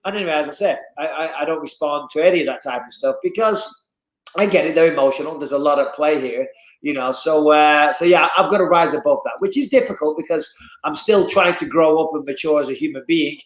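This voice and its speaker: An English man telling stories in a casual podcast chat as a fight commentator, animated and swinging his voice up and down. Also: fairly quick, echoey room. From England. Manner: animated storyteller, lively swings in pitch and loudness.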